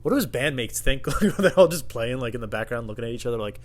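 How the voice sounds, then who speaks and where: A man's voice: mid-range voice, expressive, quick pace. A man hosting a podcast in a casual comedic monologue, rambling, swearing a lot and laughing at his own stories. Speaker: podcast host.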